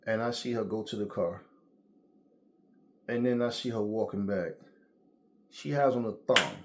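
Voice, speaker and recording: A man talking casually to camera about boxing, telling stories in a profane, animated way with lots of slang. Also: on the low side, a little slow, a little hiss or hum. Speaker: boxing commentator.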